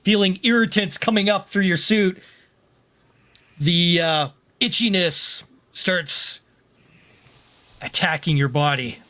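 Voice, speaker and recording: A man narrating a sci-fi tabletop game as game master, describing the scene in a slow, drawn-out way. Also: high voice, sharp tone.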